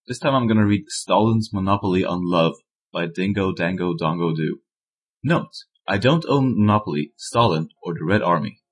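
Brief: deep male voice, deadpan comic reader, faint music underneath. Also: slightly rough. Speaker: stream co-host reading fan fiction. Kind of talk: comic dramatic reading.

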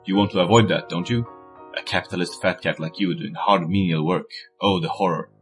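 Guy reading out a crude bossy dictator, deep, faint music behind. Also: steady tone, brisk, lightly acted. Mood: gloating. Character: domineering male Soviet dictator, crude and gloating.

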